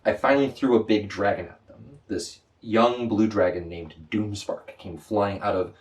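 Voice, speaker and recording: A man as a podcast guest, a Dungeon Master telling an animated, excited game story with lots of quick restarts. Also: lowish voice, distant mic.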